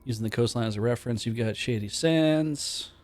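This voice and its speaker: A man's voice: mid-range voice, fairly quick, darkish tone, lightly acted. Guy doing a wandering tinkerer trader, put-on aussie accent, plain mid voice, faint music behind. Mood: informative. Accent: put-on Australian. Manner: reads game dialogue aloud in a loose put-on voice. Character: wandering male trader and tinkerer, matter-of-fact.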